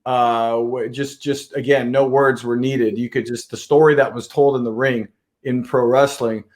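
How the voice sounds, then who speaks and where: A man's voice: mid-range voice, fairly even intonation, moderate pace, a little mellow. A man hosting an interview podcast, talking casually with lots of restarts. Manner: rambling, many fillers and restarts. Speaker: podcast host.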